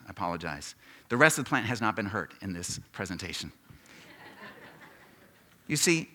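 Bright-voiced preacher with sweeping dynamics. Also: male voice, mid-range voice. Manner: preaching with big swings from quiet to loud, asks the congregation questions. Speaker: pastor. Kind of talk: sermon.

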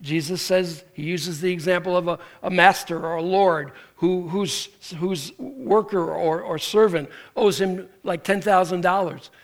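A pastor with a high voice preaches a sermon, speaking a little slowly and pausing rarely. He tells stories with animation, acting out the people in them and frequently restarting his sentences.

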